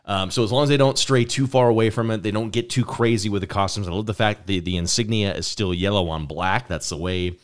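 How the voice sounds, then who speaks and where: Man, low voice, podcast host, eager, restarts phrases. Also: a little fast, few pauses, clear, resonant tone. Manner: enthusiastic, repeats words when starting a thought. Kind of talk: casual podcast chat.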